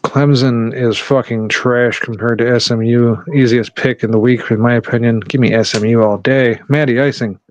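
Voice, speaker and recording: A man's voice: mid-range voice, steady tone, moderate pace, hardly any pauses, no echo. Brash man hosting a sports podcast. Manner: brash, swears freely, calls on each panelist for picks. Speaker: podcast host. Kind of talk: casual sports podcast chat.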